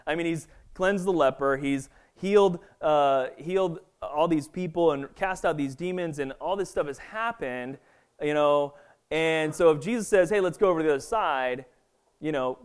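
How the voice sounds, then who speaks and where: A man giving a casual, conversational sermon, often checking in with the listeners with "right?". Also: fairly high pitch. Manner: conversational, filler-heavy, keeps asking "right?". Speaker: pastor.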